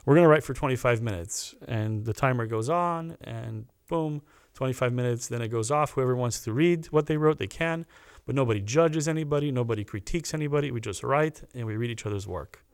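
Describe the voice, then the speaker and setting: A man, a podcast guest, telling a personal story in an earnest, animated way and acting out the people he quotes. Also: mid-range voice, fairly quick, few pauses, smooth, no echo, studio quality.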